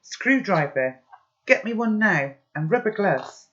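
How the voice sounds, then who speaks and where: A man voicing an urgent, bossy young boy who barks loud, clipped commands in a raised voice. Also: sits high, sing-song, unhurried, lo-fi sound, voice pushed up, heavily acted. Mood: urgent commanding.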